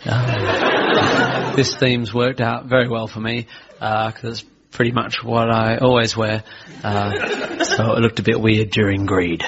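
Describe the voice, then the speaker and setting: A man from Australia appears as a musician guest on a radio comedy panel, talking in a flat, easygoing way. His voice is low and steady in pitch. The lo-fi recording carries heavy noise.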